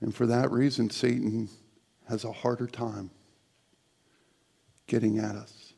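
A middle-aged pastor delivers a sermon in a church with a deeply gravelly, rough-edged voice. His delivery swings between emphatic, animated stretches and a soft, prayerful hush. His pitch sits in an ordinary middle register. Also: unhurried. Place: church sanctuary.

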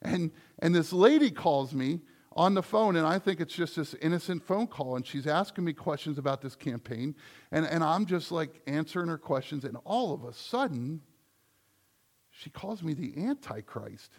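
A man's voice: on the high side, animated, moderate pace. A man preaching a sermon as the church's pastor, in a conversational style that builds to emphatic points.

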